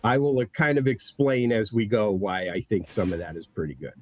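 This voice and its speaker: A man's voice: lowish voice, brisk, darkish tone, slight background noise. A man from Connecticut, chatting casually on a podcast and telling stories with lots of fillers and restarts. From Connecticut, USA. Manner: rambling, storytelling with many fillers. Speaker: guest presenter.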